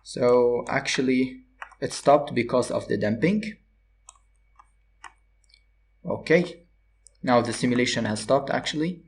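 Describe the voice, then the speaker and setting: A man at a mid-range pitch talks through a software tutorial, pausing often with filler sounds. He explains each step patiently, as if walking a student through the screen. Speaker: robotics instructor.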